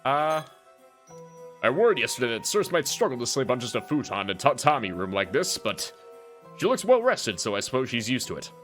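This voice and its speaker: A man doing a grandiose, eager author from a mystery game. His tone is bright and animated, and every line sounds a little theatrical. The reading has the relaxed ease of a live game stream. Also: medium pitch, a little fast, faint music behind, pitched below the performer's own voice. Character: eager male fantasy author, flamboyant and excitable. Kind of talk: voicing game dialogue on a stream.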